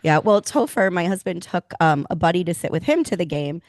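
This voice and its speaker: Low-voiced, animated woman podcast co-host. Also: fairly quick, no echo. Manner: animated, enthusiastic storytelling. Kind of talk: casual chat.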